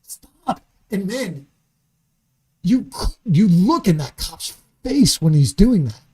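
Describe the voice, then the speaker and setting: A man's voice: high voice, sing-song, slow, dark tone. Fired-up guy on a podcast in a studio, swears a ton, keeps repeating himself. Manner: heated, profane rant; repeats words and restarts sentences. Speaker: podcast guest. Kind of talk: casual podcast conversation.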